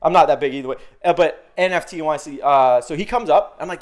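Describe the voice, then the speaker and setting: A man's voice: on the high side, fast talker, few pauses. A man telling a story on a podcast, casual and profane, acting out what he and others said. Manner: animated, profane, acts out his own quotes. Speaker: podcast guest.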